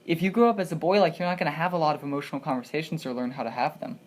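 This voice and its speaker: A woman's voice: low-pitched, racing, darkish tone. A woman hosting a student podcast, chatting casually and joking in a rambling, provoking way. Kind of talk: casual chat.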